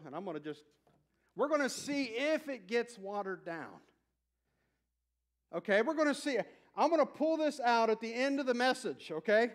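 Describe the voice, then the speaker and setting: A male pastor preaching a sermon, emphatic and building in intensity, with chatty asides to his congregation. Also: very high-pitched. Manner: emphatic, rising to near-shouts on key points. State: out of breath.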